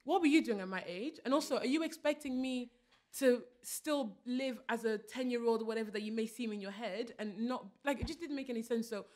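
Podcast co-host: quick-talking woman, lively storyteller, slightly high voice. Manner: animated, restarts often, quotes her mum in voices. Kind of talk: casual chat.

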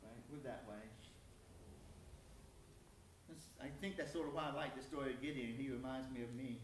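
A man's voice: mid-range voice, moderate pace, a little hiss or hum. A man preaching a conversational sermon in a church, folksy and self-deprecating. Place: church sanctuary. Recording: echoey church hall from far off.

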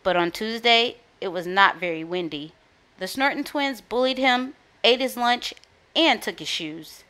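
Lively, bright-voiced woman reading aloud. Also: on the high side, a little slow. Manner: lively, expressive. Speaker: storyteller. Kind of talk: children's read-aloud.

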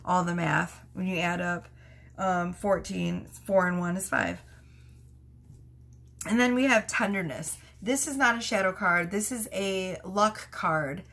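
A woman's voice: fairly low pitch, lively intonation, unhurried, creaky, a bit bright. Giggly chatty woman reading tarot. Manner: giggly, chatty, laughs through her words. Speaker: tarot reader.

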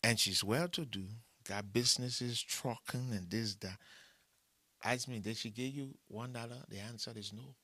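A man's voice: mid-range voice, moderate pace, bright, forceful tone, no echo. A man, preaching a sermon, telling stories and asking for money with humor, repeating short phrases for emphasis. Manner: storytelling preacher who mixes humor with appeals for money. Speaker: pastor.

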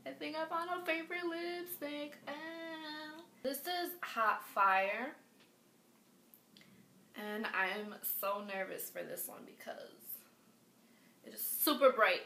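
Female beauty vlogger, gushing and repetitive, slow deliberate pace, roomy echo with faint noise. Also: high-pitched. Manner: gushing, excitable, repeats herself. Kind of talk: casual makeup review. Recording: echoey room with faint background noise.

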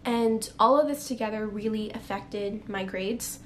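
In this personal confessional vlog, a young woman speaks to camera about something emotional, candid and full of fillers, sometimes close to tears. Her pitch is medium and her pace measured, with a little background noise.

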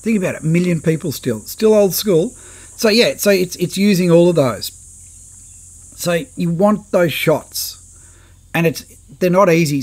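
Chatty Australian man, fairly high voice. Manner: chatty and animated, slipping into quick impressions of other people. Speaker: podcast host, fishing photographer. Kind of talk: casual podcast monologue.

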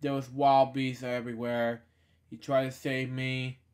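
A man's voice: mid-range voice, flat delivery, measured pace, a little mellow, close to an everyday voice. A man reading the lines of a frightened young male lion cub from a storybook, in his own plain voice. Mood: scared. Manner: read plainly in the reader's own voice.

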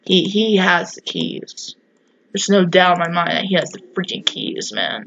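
A woman's voice: mid-range voice, big pitch swings, measured pace, gravelly, a bit bright, muffled recording, a little hiss or hum. A young woman playing a horror game, chatting, talking back to the game and shrieking and swearing at the scares. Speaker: gaming YouTuber. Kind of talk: let's play commentary.

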